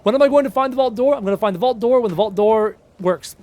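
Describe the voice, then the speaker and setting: Brief: high-voiced man streaming a game from home, answers chat questions casually, hums between thoughts. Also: fast talker, a little mellow, lo-fi sound. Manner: reads viewer questions aloud and answers them chattily; hums little tunes to himself between thoughts. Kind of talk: casual live stream Q&A while playing.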